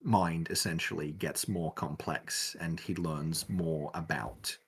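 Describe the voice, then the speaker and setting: Casting: low, husky-voiced man, casual podcast guest who rambles and restarts a lot. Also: fairly even intonation, takes it slowly. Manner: rambling, many fillers and restarts.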